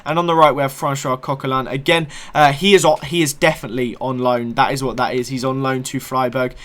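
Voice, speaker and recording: A man's voice: medium pitch, flat delivery, fast talker, a bit bright. A young man giving casual, upbeat commentary on a football video game squad, often correcting himself as he goes. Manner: chatty, self-correcting, upbeat. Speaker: gaming YouTuber.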